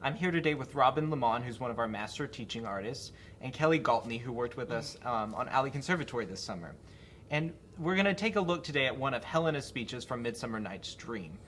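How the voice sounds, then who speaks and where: A man's voice: medium pitch, expressive, fairly quick, fairly bright tone, a little hiss or hum. A man hosting an educational theatre video, asking friendly prompting questions. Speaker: interview host.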